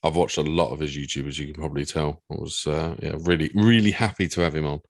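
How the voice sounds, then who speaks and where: A man's voice: a bass voice, fairly even intonation, quick pace, no room sound, studio quality. A man hosting a podcast, joking crudely and teasing his co-hosts. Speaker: podcast host. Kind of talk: casual chat.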